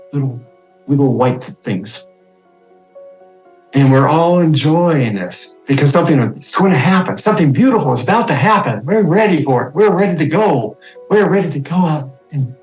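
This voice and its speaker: A man telling the story of his near-death experience in the first person, slow and reflective, his voice climbing high when he gets excited. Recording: roomy, slightly dull sound with faint music.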